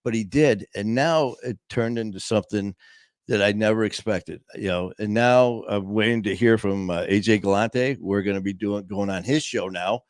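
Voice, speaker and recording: Low-voiced man telling a story, dry sound. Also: normal speed, dry recording. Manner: rambling, full of "you know" and restarts; acts out quoted dialogue. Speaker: podcast host. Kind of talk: casual conversational storytelling.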